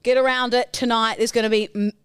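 A woman's voice: a little high, steady tone, fast, clear, resonant tone, dry recording, studio quality. A woman from New Zealand co-hosting a podcast in playful, upbeat casual chat. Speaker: podcast co-host.

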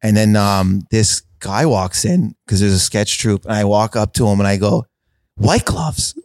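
A man's voice: lowish voice, normal speed, a little mellow, no echo, clean studio sound. A man from Canada, a comedian, telling rambling stories in casual chat and laughing along with them. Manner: rambling, laughs through his own stories. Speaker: comedian guest.

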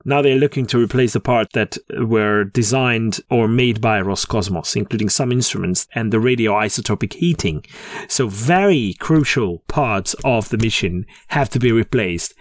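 A man's voice: lowish voice, moderate pace, few pauses, no room sound. A man co-hosting a podcast in casual chat. He jokes, laughs at his own puns and often restarts his sentences. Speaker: podcast co-host.

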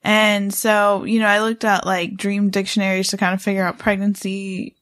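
A woman's voice: mid-range voice, level tone, moderate pace, a bit bright, no room sound, clean studio sound. A woman co-hosting a podcast, telling a story in a rambling, casual way with lots of fillers and restarts. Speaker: podcast co-host.

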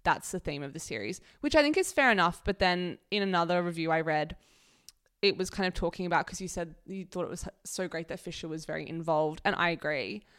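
A woman co-hosting a podcast, chatting casually and telling stories with lively quoted voices. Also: on the low side, brisk, clean tone. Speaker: podcast co-host. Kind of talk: casual chat.

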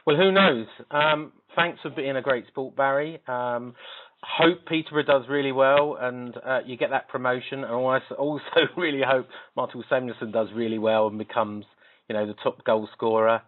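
Interviewer, mid pitch, friendly, tinny phone line. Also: male voice, steady tone, normal speed. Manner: friendly, thanking.

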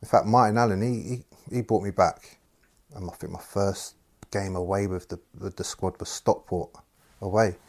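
Deep-voiced former footballer. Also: male voice, fairly even intonation, moderate pace. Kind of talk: interview reminiscence.

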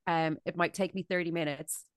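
A woman's voice: on the low side, fairly even intonation, fairly quick, dry recording. A woman co-hosting a podcast, chatting casually in a rambling way with lots of likes and ums. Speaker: podcast co-host.

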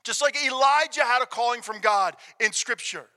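A man preaching a sermon, emphatic, swinging from loud declarations to hushed near-whispers. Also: very high voice, normal speed. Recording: long reverb of a large hall.

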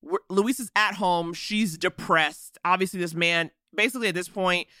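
A woman co-host recapping a movie with sassy, animated asides, her voice bright and forceful. The podcast mic sound is dry and close. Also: lowish voice, normal speed, dry recording. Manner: animated, sassy storyteller who acts out characters. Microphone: podcast microphone.

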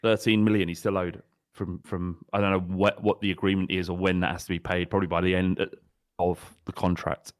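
A man co-hosting a casual football podcast, measured and wry as he builds his points. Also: sits low, flat delivery, dry recording, clean studio sound. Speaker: podcast co-host.

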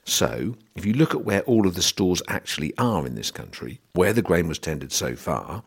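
A man's voice: sits low, breathy edge. A middle-aged man, hosting a podcast and casually explaining grain trading, with wry asides and quoted voices. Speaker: podcast host.

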